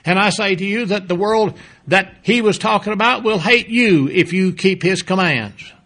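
A man preaching a sermon, emphatic, repeating key phrases and dropping low and soft toward the close. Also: moderate pace.

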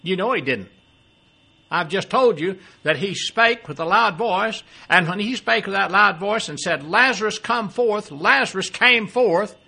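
A man's voice: sits high, expressive, measured pace, vocal fry, sharp tone, slightly rough. An older man preaching a sermon, reading scripture aloud and explaining it, often asking the listeners questions. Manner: expository, quotes scripture then explains it, asks the audience questions.

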